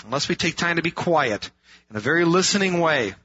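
High, bright-voiced preacher man. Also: lively intonation, brisk, slightly rough. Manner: earnest, rhetorical questions, restarts and emphatic repetition. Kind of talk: sermon. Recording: dull lo-fi sound.

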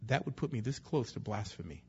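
A man's voice: on the low side, animated, brisk, mellow, dull audio, slight background noise. A man preaching a sermon in a conversational way, sometimes acting out the voices of people he quotes. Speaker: pastor.

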